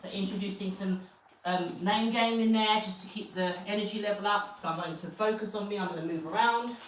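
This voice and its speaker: A woman dog trainer, explaining steps calmly and then praising the dog in a high, excited voice. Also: fairly quick, a little hiss or hum. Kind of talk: live training session commentary. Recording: very echoey, distant from the mic.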